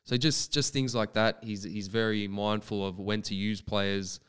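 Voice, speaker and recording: Resonant, lowish-voiced football pundit man. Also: fairly even intonation, fairly bright tone, clear, resonant tone. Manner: measured, thoughtful, with "um" fillers and restarts. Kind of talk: sports talk radio analysis.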